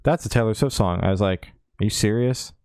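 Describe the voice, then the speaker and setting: A man hosting a music podcast, talking casually with lots of fillers and restarts and a sarcastic edge. His voice is very low, smooth and clear. It is recorded close and dry. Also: a little fast, darkish tone, no echo. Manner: hesitant, filler-heavy, sarcastic. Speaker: podcast host. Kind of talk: casual chat.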